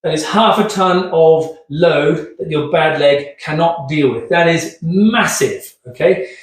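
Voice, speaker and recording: A man demonstrating rehab exercises in an upbeat, chatty way, keeps asking okay, getting out of breath. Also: on the high side. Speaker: physio instructor. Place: room with hard floor. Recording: echoey room, distant mic.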